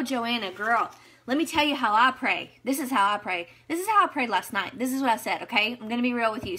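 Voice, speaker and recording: Bright earnest woman leading Bible study. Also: on the high side. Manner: earnest, conversational, answers viewers by name. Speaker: women's Bible study leader. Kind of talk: live-streamed devotional talk.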